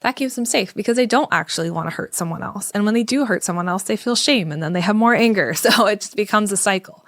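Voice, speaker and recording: A woman in her thirties, a parenting educator, explaining in a relaxed podcast conversation and acting out calm, soothing talk to a child. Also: lowish voice, creaky, no room sound, studio quality. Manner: acts out parent-child dialogues in a gentle soothing voice.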